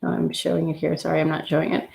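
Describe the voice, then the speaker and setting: A woman hosting a self-love affirmation session, talking gently and unhurriedly with many pauses and ums. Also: deep voice, completely flat delivery, gravelly. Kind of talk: guided affirmations and meditation talk. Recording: roomy echo.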